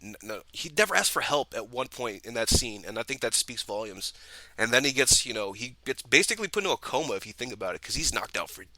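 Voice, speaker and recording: A man's voice: medium pitch, sing-song, fast, sharp tone, no room sound, poor audio. A man co-hosting a casual movie review podcast, talking enthusiastically in long rambling runs full of restarts. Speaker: podcast co-host.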